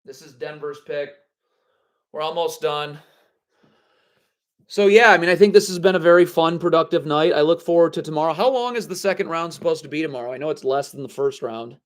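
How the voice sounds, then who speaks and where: High-voiced man ranting on a livestream. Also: fairly quick. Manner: blunt, ranting, sarcastic. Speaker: basketball livestream host. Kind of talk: live draft reaction stream.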